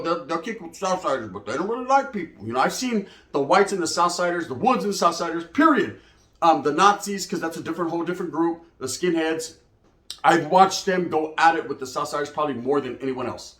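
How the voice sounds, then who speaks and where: A man telling prison stories in casual slang, animated, often acting out quoted voices. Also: on the high side. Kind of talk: casual storytelling monologue. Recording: echoey room.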